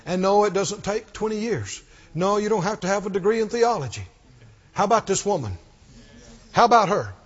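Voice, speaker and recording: High-voiced emphatic male preacher. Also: lively intonation, moderate pace, husky. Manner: emphatic, rhetorical questions to the congregation. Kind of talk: sermon. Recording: dull lo-fi recording.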